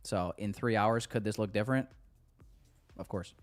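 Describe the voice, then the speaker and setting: A man's voice: lowish voice, normal speed, faint music behind. A man livestreaming his day trading, chatting loosely with viewers in casual, joking, sometimes profane banter. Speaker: day trader streaming live. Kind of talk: casual live-stream commentary.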